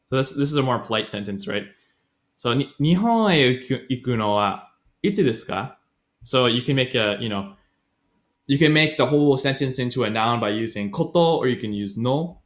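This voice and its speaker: A man's voice: medium pitch, lively intonation, brisk. A man co-hosting a casual podcast, chatting his way through a language grammar lesson and often correcting himself mid-sentence. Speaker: podcast co-host.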